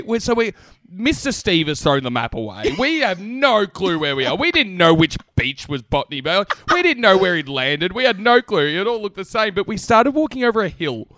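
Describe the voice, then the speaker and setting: Aussie bloke yarning on a podcast, high voice, swings up and down a lot, dry close sound. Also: male voice, no echo. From Australia. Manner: animated, laughs often, swearing. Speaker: podcast co-host. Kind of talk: casual storytelling chat.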